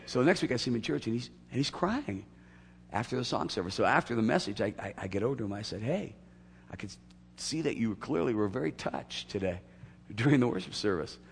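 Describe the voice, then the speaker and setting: A man preaching a sermon to his church, swinging from loud emphatic peaks to quiet asides. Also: mid-range voice, animated, fairly quick, creaky, a little hiss or hum. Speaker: pastor. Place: church sanctuary. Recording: long hall reverb.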